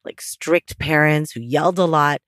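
A woman hosting a solo podcast, hoarse and husky from losing her voice, talking casually with "like" fillers. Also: sits low, moderate pace, fairly bright tone, no echo, studio quality. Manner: casual and chatty, with laughs and "like" fillers. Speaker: podcast host. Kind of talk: solo podcast talk on psychology and mindfulness.

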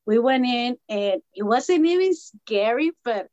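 A woman's voice: on the high side, unhurried, no echo, lo-fi sound. A woman casually telling a podcast host how she met her husband, acting out every line of dialogue. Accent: Latina American English. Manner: animated, acts out quoted dialogue. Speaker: podcast guest. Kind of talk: casual storytelling chat.

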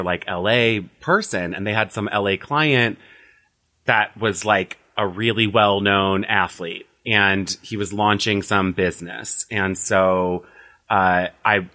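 A man's voice: fairly low pitch, sharp tone. A man telling his life story in a casual interview, chatty and full of "like" fillers. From United States. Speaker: astrologer, podcast guest.

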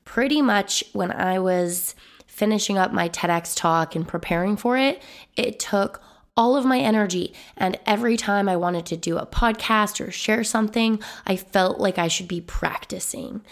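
A woman hosting her own podcast solo, her voice a bit hoarse and not fully recovered, chatty and upbeat as she runs through lists. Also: mid-range voice, normal speed. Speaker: podcast host and business coach.

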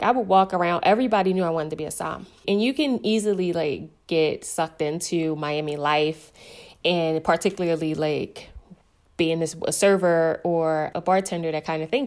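A woman's voice: lowish voice, a little mellow. A woman sommelier telling her story in a casual interview, candid and chatty, often saying "like". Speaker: sommelier guest.

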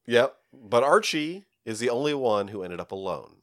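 A man co-hosting a casual podcast chat, animated and giggly, filling gaps with ums. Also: medium pitch, moderate pace, dry recording, studio quality. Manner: animated, giggly, trails off with filler words. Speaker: podcast co-host. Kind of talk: casual chat about comics.

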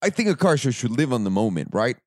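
Man, podcast co-host, casual chat, animated, dry close sound. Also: mid-range voice, fast, dry recording.

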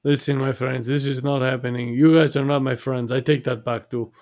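A man's voice: mid-range voice, little pitch movement, a little fast, darkish tone, lightly acted. A man playing a flustered restaurant chef in an improv comedy podcast, exasperated and pleading. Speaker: improv performer.

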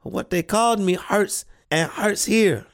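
A woman voicing an earnest, thoughtful seven-year-old boy, who speaks slowly and questioningly in an audio play reading. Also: mid-range voice, natural voice. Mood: hurt. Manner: slow, earnest childlike questioning.

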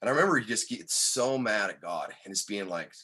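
Husky guy, low voice, earnest podcast guest telling his story, gets animated quoting people. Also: a little fast. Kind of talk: candid storytelling.

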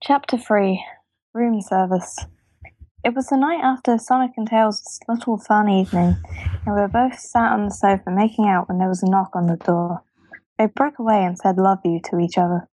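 A woman reading a story aloud in a matter-of-fact, deadpan way on a comic podcast. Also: medium pitch, normal speed, no echo, rough recording.

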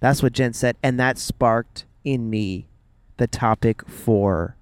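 A man's voice: mid-range voice, takes it slowly, clear, resonant tone, no room sound. A man co-hosting a casual podcast, talking in a joking, slangy, playful way. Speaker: podcast co-host. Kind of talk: casual chat.

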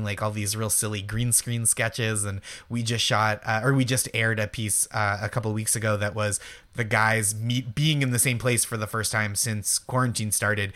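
A man's voice: lowish voice, a bit bright. Chatty man with a Boston-area accent. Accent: Eastern Massachusetts. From Eastern Massachusetts. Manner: chatty, self-deprecating, quick to laugh. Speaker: comedian guest. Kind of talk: casual chat.

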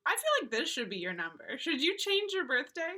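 A playful woman co-host, quick to joke and laugh. Her voice sits high and sounds bright. She keeps a loose, casual chat going. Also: big pitch swings. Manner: joking, playful, laughs a lot. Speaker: podcast co-host.

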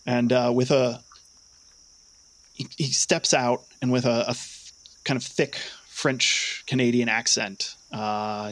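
A man's voice: medium pitch, little pitch movement, slow, a bit bright. Hesitant young male game master. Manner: hesitant, many fillers, laughs often. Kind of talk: narrating a tabletop game.

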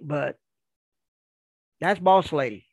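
A middle-aged man, a retired performer, telling stories in a casual, animated way and acting out other people's voices. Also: a little high, slow pace, no room sound.

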